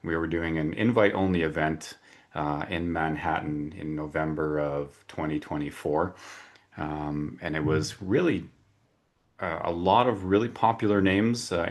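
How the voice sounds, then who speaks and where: A man hosting a webinar on a video call, chatty and full of fillers and restarts. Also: sits low. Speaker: webinar host. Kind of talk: casual webinar introduction.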